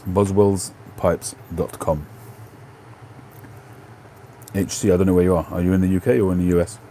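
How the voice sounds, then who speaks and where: A middle-aged man with a London Cockney accent, hosting a livestream and casually answering viewer questions in a relaxed, rambling way with lots of ums and self-corrections. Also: deep voice, moderate pace, a little hiss or hum. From England. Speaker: livestream host.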